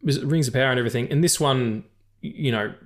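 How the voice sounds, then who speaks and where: A man hosting a podcast, talking casually about films in an animated, rambling and profane way. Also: mid-range voice, fast. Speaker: podcast host. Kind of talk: casual film-discussion chat.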